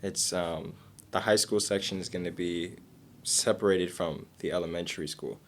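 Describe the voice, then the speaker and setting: A man's voice: low-pitched, moderate pace. A young man co-hosting a podcast, talking earnestly in casual chat and chiming in with short replies. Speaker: podcast co-host.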